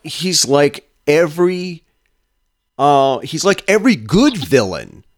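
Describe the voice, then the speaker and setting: A man's voice: on the high side, big pitch swings, slow. A man hosting an interview, asking long, rambling questions with a fan's enthusiasm. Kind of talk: casual interview.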